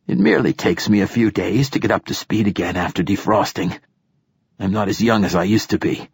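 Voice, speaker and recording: A harsh, raspy old poet, centuries old yet forceful, swearing gruffly as a male narrator puts him on. The voice sits low and husky. The audiobook reading keeps it close and dry. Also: lively intonation, fairly quick, no room sound, full character voice. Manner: profane and gruff.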